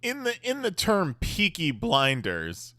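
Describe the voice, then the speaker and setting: Man, slow talker, bright and crisp, lively pitch, dry close sound, wry asides. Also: no room sound. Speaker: podcast co-host. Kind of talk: casual chat.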